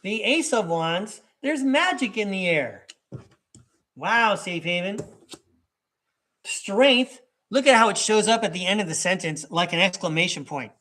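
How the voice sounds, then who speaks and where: A man's voice: high-pitched, animated, measured pace, pushed and bright. A man hosting a live tarot reading for his chat, talking in a rambling, chatty way with lots of asides and small chuckles. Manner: chuckles between thoughts. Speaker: tarot reader and podcast host.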